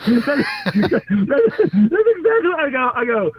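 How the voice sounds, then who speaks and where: A man's voice: very high voice, wildly swooping pitch, a little slow, husky. A middle-aged man and former pro wrestler, telling stories in a casual interview and acting out other people's lines as he goes, with frequent laughs. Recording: tinny phone line.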